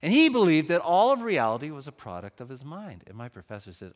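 A man speaks with a lively, bouncing delivery that swings widely in pitch and sits somewhat high for a male voice. He jokes with his listeners in an easy conversational way while giving a talk on faith at a church event. A long hall reverb follows his words through the large space. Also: fast, hardly any pauses. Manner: animated, joking, conversational.

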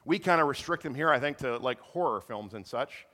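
A man preaching a sermon in a relaxed, conversational way, often restarting his sentences. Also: mid-range voice, big-room sound. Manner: conversational, halting with many restarts. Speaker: pastor. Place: church meeting room.

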